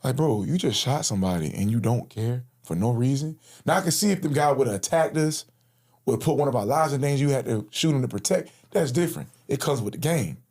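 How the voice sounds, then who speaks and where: Husky-voiced man telling his story. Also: mid-range voice, lively intonation, fast, a little mellow. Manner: casual slangy, acts out quoted speech. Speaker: interview guest. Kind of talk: personal storytelling in conversation.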